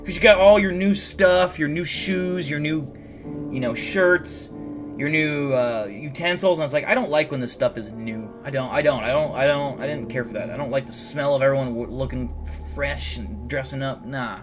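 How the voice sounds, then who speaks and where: Sleepy young dude on a stream, regular pitch, rambling and cussing, keeps restarting, bit of music in back. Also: male voice, moderate pace. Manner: rambling and profane, with many restarts. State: tired, yawning. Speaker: livestream host. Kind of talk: casual chat, reacting to viewer messages.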